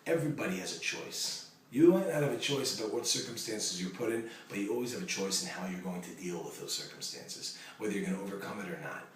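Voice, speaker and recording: A male rabbi giving a Torah lesson, telling stories in a lively way with joking asides. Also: lowish voice, fast talker, few pauses. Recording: echoey room, mic far off, faint noise.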